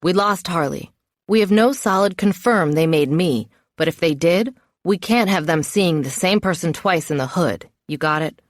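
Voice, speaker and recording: A woman's voice: on the low side, normal speed, no echo, studio quality, lightly acted. A woman reading an audiobook voices a commanding male team leader who speaks in curt, firm questions and orders.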